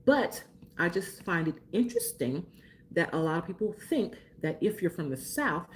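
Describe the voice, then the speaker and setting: A woman from Mississippi hosting a casual live stream, talking fast and chatting playfully with viewers while getting over a sore throat. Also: fairly low pitch, big pitch swings, slight background noise. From Mississippi, USA.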